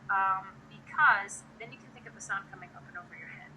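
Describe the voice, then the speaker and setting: A woman's voice: mid-range voice, fairly quick, pushed and bright, dull audio, a little hiss or hum. A woman giving a casual live-streamed singing lesson, chatting to viewers and demonstrating sounds as she explains. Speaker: voice teacher.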